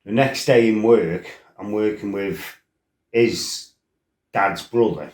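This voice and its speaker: A man's voice: lowish voice, slow, a little mellow. A middle-aged man tells his own life story in a blunt, salty way, swearing freely and wandering into asides. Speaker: former fighter telling his life story. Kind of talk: casual storytelling monologue. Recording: roomy echo.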